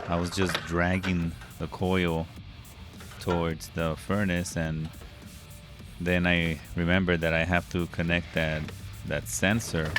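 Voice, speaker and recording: Man, HVAC technician, matter-of-fact voice-over, very low pitch. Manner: plain, matter-of-fact explaining. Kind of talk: voice-over narration of a job.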